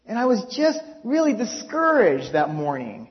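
Lively high-voiced man preaching. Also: normal speed. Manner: animated storyteller, reads quotes aloud. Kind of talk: sermon storytelling. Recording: dull lo-fi recording.

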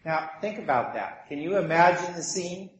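A man's voice: a little high, normal speed. A man preaching a sermon, telling a story vividly and acting out its voices. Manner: animated storytelling with acted voices. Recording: echoey room.

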